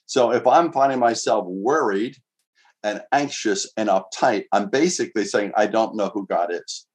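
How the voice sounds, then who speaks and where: A man's voice: on the low side, moderate pace. A man preaching a sermon in an earnest, conversational way, asking his listeners rhetorical questions and reading scripture aloud. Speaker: pastor. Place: outdoors in winter.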